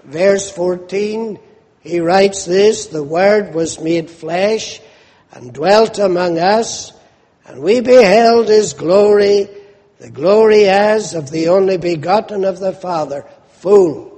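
Male preacher, very slow deliberate delivery, high voice, fervent emphasis. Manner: fervent, rising to loud emphatic declarations. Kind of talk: sermon. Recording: long hall reverb.

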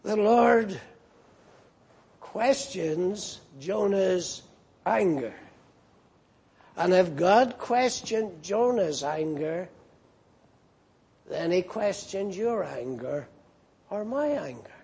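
A man preaching a sermon as a minister, moving between emphatic rises and quiet, drawn-out questions. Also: sits high, expressive, gravelly, breathy edge.

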